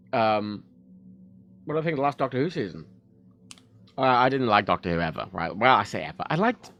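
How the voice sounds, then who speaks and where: A man chatting on his livestream, his pitch swinging in a lively way. He talks in a loose, rambling way, swears freely and keeps stopping to restart his sentences. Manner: rambling, sweary, self-interrupting. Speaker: streamer. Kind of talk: casual livestream chat.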